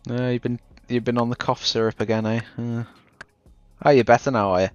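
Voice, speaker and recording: This young man, speaking with a Liverpool Scouse accent, has a medium-pitched voice and a flat, fairly quick delivery as he chats during a game stream. He rambles and breaks off mid-sentence, over dull, dry audio with faint background music.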